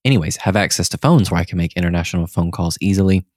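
A young man co-hosting a podcast in casual chat, telling a story with lively acted-out quotes. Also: low voice, very fast, no room sound, clean studio sound. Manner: animated storyteller who acts out the people in his stories. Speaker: podcast co-host.

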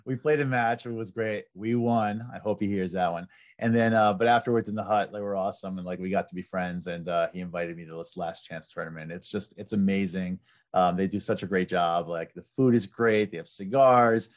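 Low-voiced man, talk-show guest, chatty and animated. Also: a little fast. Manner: animated storyteller with lots of fillers. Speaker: podcast guest. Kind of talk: casual chat.

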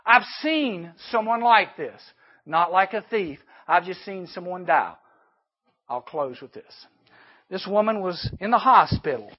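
Male youth camp speaker; high voice, emphatic sermon delivery, muffled recording. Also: a little slow. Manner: animated, emphatic storytelling with sudden drops to a hush.

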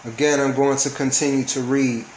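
A man's voice: mid-range voice, steady tone, moderate pace, a little mellow. A man teaching a casual Bible study, reading verses aloud and explaining them, often checking in with his listeners. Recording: echoey room with faint background noise.

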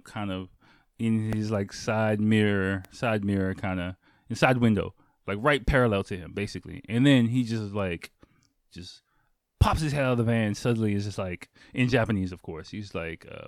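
A man from the United States tells a casual story in a lowish voice, loose and chatty, with many fillers and easy laughs. The sound is dry and close, with no room around it. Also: dry recording. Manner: laid-back, full of fillers, laughs often. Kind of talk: casual anecdote.

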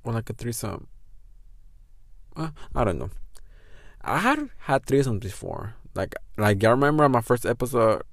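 A man's voice: medium pitch, very animated, moderate pace, pauses often. A young man, hosting a podcast and telling a story in a frank, profane way, slipping Spanish phrases into English. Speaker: podcast host. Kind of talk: casual storytelling monologue.

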